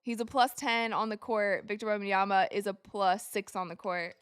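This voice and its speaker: A young woman hosting a live basketball watch party, calling plays excitedly and talking to her viewers. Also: medium pitch, normal speed, clear, resonant tone, no echo. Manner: excitable, reacts loudly to plays, talks to viewers as you guys. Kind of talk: live game commentary to chat.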